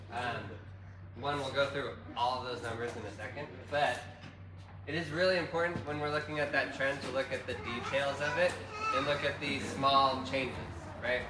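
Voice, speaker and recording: A man fitness coach explaining progress to a group, steady, checking in with "right?". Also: medium pitch, normal speed, distant mic. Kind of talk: group workshop talk. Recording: roomy, from across the room, loud noise.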